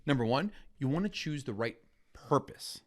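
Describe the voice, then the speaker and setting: A man's voice: mid-range voice, moderate pace. A man co-hosting a design podcast, talking emphatically in casual chat, often checking in with "right?" and swearing now and then. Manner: animated, emphatic, talks in numbered points with frequent "right?". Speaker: podcast co-host.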